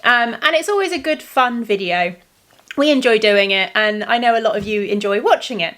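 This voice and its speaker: Woman, 30s, casual vlog chat, many ums, a bit high-pitched. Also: animated, normal speed, fairly bright tone. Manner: chatty, many ums, laughs often. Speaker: vlogger. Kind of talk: casual evening chat to camera.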